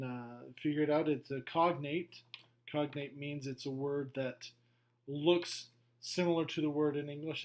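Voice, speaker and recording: A middle-aged man teaching a beginner language lesson, going slowly through a worksheet, patient and repetitive with frequent okays. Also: fairly high pitch, darkish tone. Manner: slow, patient, repeats himself with many okays. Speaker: French teacher. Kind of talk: classroom lesson walkthrough.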